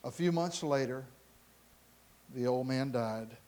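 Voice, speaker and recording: A man telling a story dramatically, swinging between loud passages and hushed ones. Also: medium pitch, takes it slowly.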